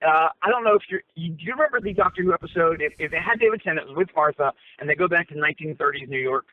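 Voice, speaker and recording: A man's voice: fairly high pitch, lively intonation, racing, no room sound. A man co-hosting a casual chat from a parked car, talking through his phone and rambling with many fillers and restarts. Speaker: co-host. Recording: tinny phone line.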